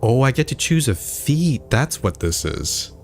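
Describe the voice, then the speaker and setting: A man's voice: medium pitch, very animated, a little slow, gravelly, a little mellow. A man streaming a role-playing game, reading its dialogue and narration aloud and reacting with dry remarks between lines. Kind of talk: let's play with game text read aloud. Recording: faint music behind the voice.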